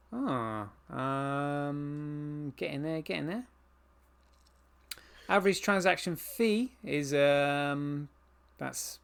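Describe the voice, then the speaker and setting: A man co-hosting a podcast, talking in a halting way with lots of fillers. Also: on the high side, gravelly, a bit bright, clear, resonant tone. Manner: halting, filler-heavy, agreeable. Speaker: podcast co-host. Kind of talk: casual chat.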